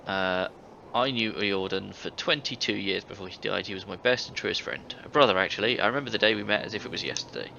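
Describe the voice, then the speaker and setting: A man's voice: fairly low pitch, fast, vocal fry, few pauses, bright, forceful tone. A man voicing a middle-aged former thief in a video game, telling tales with hearty, boastful relish. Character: older male ex-thief, boisterous tavern storyteller. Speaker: game character. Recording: dull game audio with faint hiss.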